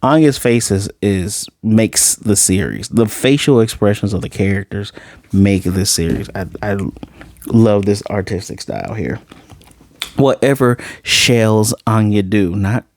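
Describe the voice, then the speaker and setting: A man with a fairly low voice chats casually through an episode review and retells scenes with amusement. The sound is dry, with no room echo. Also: measured pace, darkish tone. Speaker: anime reviewer.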